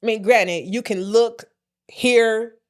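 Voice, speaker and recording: A woman's voice: fairly high pitch, slow. An American woman co-hosting a casual podcast chat, talking straight to her listeners in a folksy, blunt way. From United States. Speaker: podcast co-host.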